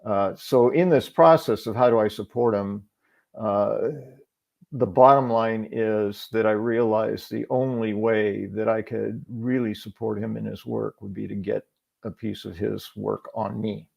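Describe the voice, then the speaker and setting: A man's voice: on the low side, steady tone, measured pace, vocal fry, darkish tone. A middle-aged man talking as a show guest in casual chat, reflective and storytelling, often restarting his sentences.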